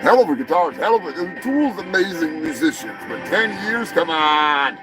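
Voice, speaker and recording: A man's voice: fairly high pitch, big pitch swings, moderate pace. A male show host delivering a crude, sarcastic comedic news rant, swearing freely and mocking the stories he reads. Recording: music playing underneath.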